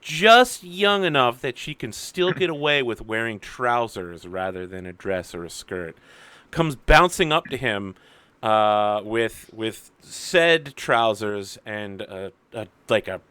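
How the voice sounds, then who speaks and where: Tabletop game master: young man, lively, bright crisp voice, dry close mic, rambling narration. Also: fairly low pitch, slow, no room sound. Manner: animated, rambling, fillers.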